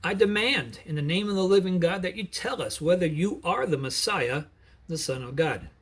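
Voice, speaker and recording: A man voicing a furious high priest. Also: lively intonation, moderate pace, breathy edge, full character voice. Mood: demanding. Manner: shouting accusations. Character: angry shouting older male high priest.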